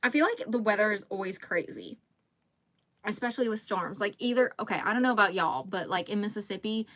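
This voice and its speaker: A woman's voice: mid-range voice, expressive, brisk, fairly bright tone. A woman, chatting casually on a livestream at home while she crochets. She rambles, reads out viewer comments and talks to her dog. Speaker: livestream host.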